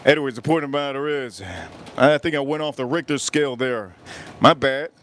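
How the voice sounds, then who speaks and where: A man hosting a live cooking stream outdoors at a grill, chatting in a rambling, joking way that breaks into shouted bits. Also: mid-range voice, steady tone, a little fast, slight background noise. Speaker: livestream cooking host.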